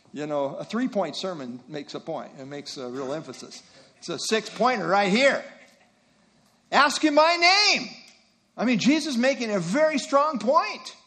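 A man's voice: sits high, lively intonation, moderate pace, a bit bright. An older man preaching an expository sermon, teaching through verse references and rhetorical questions.

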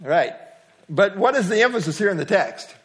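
A middle-aged man leads a Bible study class in a relaxed, chatty manner. He keeps asking his listeners questions and throws in light jokes. His voice sits a little above the usual male pitch. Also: normal speed. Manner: conversational, quizzes the class and jokes. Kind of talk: interactive Bible study lesson.

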